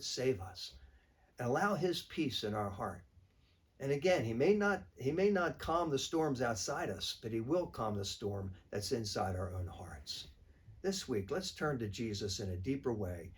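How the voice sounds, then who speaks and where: A man, a priest, giving a short weekly reflection in a conversational, plain-spoken way. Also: mid-range voice.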